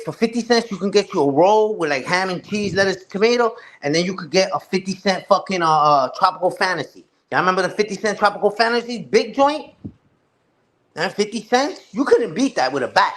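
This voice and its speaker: A man's voice: high-pitched, a bit bright. A man chatting casually with a live stream audience. He tells loose, slang-heavy, profane stories full of restarts. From New York.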